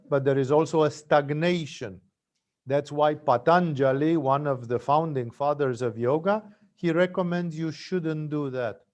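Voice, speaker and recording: A man's voice: a little high, a little mellow, lo-fi sound. A man teaching yoga, telling stories in a conversational spiritual talk with frequent tag questions.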